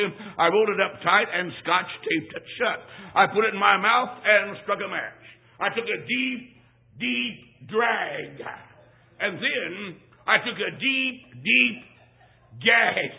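A traveling evangelist preaches to a church in a folksy, animated manner. His voice sits high for a man and bursts into shouts. The recording is thin and tinny, like a phone line. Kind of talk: sermon with humorous storytelling.

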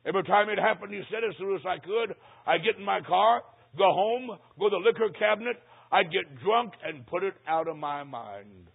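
An older man preaching, telling a story as a sermon and slowing down for dramatic emphasis. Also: sits high, gravelly, breathy edge. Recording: tinny phone-like recording.

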